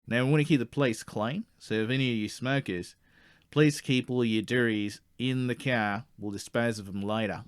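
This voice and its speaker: A man's voice: medium pitch, steady tone, normal speed, smooth, no room sound, clean studio sound, close to an everyday voice. A man playing a blunt, slangy male Australian outback guide in a comedy sketch, with an Australian accent, stammering when he gets worked up. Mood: matter-of-fact. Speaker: tour guide.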